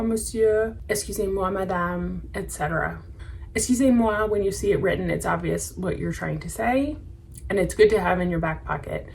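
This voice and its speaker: Woman teaching beginner travel phrases, steady mid-pitched voice, demonstrates each one by repeating it. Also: low-quality recording. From United States. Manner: repeats phrases slowly for practice. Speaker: French language teacher. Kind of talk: casual language lesson.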